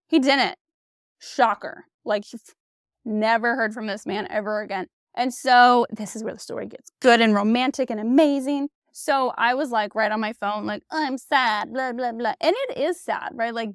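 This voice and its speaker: A young woman hosting a casual podcast about dating, chatty and animated, full of fillers and swearing. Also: on the high side, clean tone, dry recording, studio quality. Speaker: podcast host. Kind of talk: casual solo dating chat.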